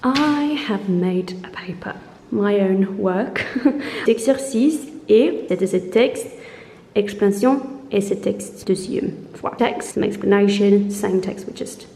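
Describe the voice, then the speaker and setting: Slow, gravelly woman in an echoey room. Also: medium pitch, mellow. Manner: halting, with many restarts and hesitations, switching between French and English. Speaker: vlogger teaching French pronunciation. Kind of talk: casual tutorial vlog. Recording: echoey room, voice heard from a distance, faint room noise.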